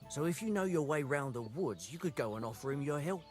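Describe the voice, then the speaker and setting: A man's voice: fairly high pitch, lively intonation, a little fast, darkish tone, close to an everyday voice. A man playing a gossipy village innkeeper. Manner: gossipy, informative. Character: chatty medieval village innkeeper. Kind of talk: video game dialogue. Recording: game music underneath.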